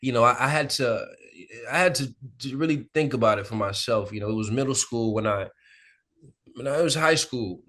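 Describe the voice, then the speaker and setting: A male actor as an interview guest, telling candid stories in a relaxed, animated way, often laughing and acting out the people he quotes. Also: mid-range voice. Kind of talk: candid conversational storytelling. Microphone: sit-down interview mic.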